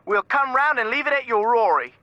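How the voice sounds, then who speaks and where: A man's voice: very high voice, animated, fairly quick, muffled recording, a loud crowd. An actor playing a chatty male pub landlord in a video game, with a Cockney accent and a cheery way of talking in rhyming slang.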